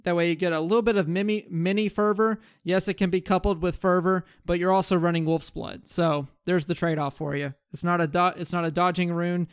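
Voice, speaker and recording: A man's voice: sits high, fairly even intonation, a little fast, few pauses, clear, resonant tone, no room sound, studio quality. A man talking casually about changes he wants in a game, rambling with fillers and restarts as he thinks aloud. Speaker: gaming content creator. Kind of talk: casual gaming commentary.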